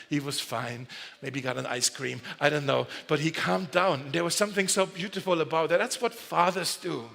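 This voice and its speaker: A fairly high, creaky, sharp-toned male voice delivers a sermon in a relaxed, joking manner, with regular self-corrections. The speaker is a pastor in a large church hall, and the sound rings with long reverb.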